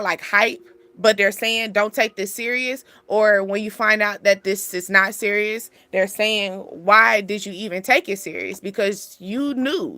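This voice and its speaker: A young woman hosting a casual spiritual reading, chatty and animated, laughing often. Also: medium pitch, no echo. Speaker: spiritual channel host giving a reading.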